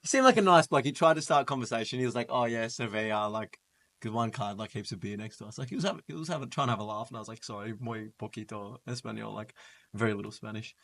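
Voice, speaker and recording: A man's voice: medium pitch, animated, very fast, fairly bright tone. A man telling a travel story in a casual chat among friends, acting out bits of it with laughs. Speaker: guest. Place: indoors, holiday flat.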